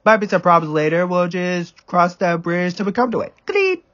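Brief: husky high-voiced man doing a goofy cartoon fan dub, dull lo-fi sound. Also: steady tone, fairly quick, a bit bright. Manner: goofy, playful voice switching. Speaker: fan dubber.

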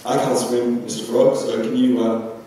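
A man's voice: mid-range voice, level tone, moderate pace, dark tone, slight background noise, lightly acted. A man voicing a scheming male scorpion who coaxes and pleads in a fable told to a live audience. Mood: coaxing. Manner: coaxing and persuasive. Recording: echoey hall from far off.

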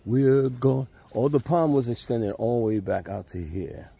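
Walking by a pond on his land, a man gives a folksy, conversational video tour in Southern US speech. His fairly low voice is animated, creaky, dark and slightly rough, at a moderate pace. Faint outdoor noise carries birds and insects.

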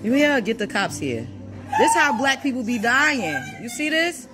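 A woman, filming on her phone in a mall store and giving loud, indignant commentary to the people around her. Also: a little high, very animated, measured pace, over loud music. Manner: loud, indignant, talking to onlookers. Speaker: filming shopper. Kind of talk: agitated live commentary while filming. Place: large store in a mall, indoors. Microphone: phone camera held by speaker.

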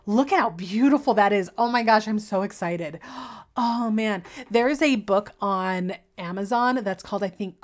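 A young adult woman vlogging casually as she unboxes craft kits, gushing and gasping with excitement. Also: medium pitch. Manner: gushing, excitable, gasps often. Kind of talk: unboxing chat.

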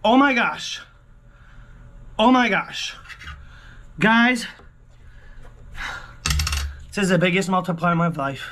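A man vlogging a lottery scratch-off, talking excitedly to his viewers, repeating exclamations and swinging from hushed murmurs to yelling. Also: sits high, slow pace, pauses often, slight background noise. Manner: exclamatory, keeps repeating himself and calling out to viewers. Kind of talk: excited casual vlog commentary.

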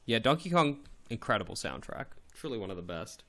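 A man streaming a game live, chatting casually and playfully with his chat, swearing now and then and swooping up in pitch when excited. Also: a little fast.

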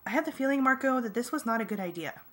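A woman's voice: on the high side, expressive, quick pace, pitched above the performer's own voice. A woman voicing a cautious, earnest young male alien in a fan-read audiobook. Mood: doubtful.

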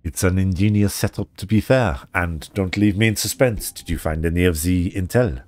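A man's voice: on the low side, big pitch swings, moderate pace, darkish tone. A man voicing an inquisitive woman, with a weak put-on accent.

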